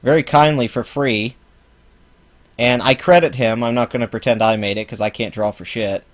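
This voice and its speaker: A man's voice: mid-range voice, steady tone, moderate pace. A man hosting a live-stream reaction, ranting sarcastically with heavy swearing. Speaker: channel host.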